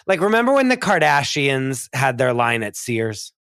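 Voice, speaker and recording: A man's voice: mid-range voice, very animated, normal speed, fairly bright tone, clear, resonant tone, dry recording, studio quality. A man co-hosting a comedy podcast in casual chat. He rambles, leans on "like" and laughs often. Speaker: podcast co-host.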